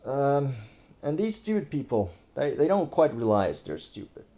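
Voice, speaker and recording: Speaking indoors over a screen recording, this man from Thailand delivers political commentary that is casual, profane and exasperated, littered with fillers and false starts. His voice sits at a medium pitch, dark in tone and very animated, at a normal speed.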